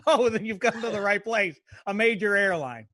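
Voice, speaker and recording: A man co-hosting a podcast in casual chat, reacting with laughter and slow, wry asides. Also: high voice, pushed and bright, no echo, studio quality. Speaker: podcast co-host.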